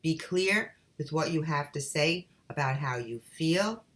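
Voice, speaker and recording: A middle-aged woman coach giving calm, encouraging advice straight to her viewers, whom she calls ladies. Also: low voice, measured pace. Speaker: life coach. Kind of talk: motivational talk to camera.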